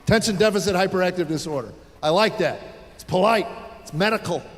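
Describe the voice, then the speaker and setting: A man's voice: high-pitched, quick pace. A man in his sixties doing a stand-up comedy set, telling wry stories and acting out voices. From United States. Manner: wry storytelling with acted-out voices. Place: theater stage before a live audience. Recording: live hall with audience laughter.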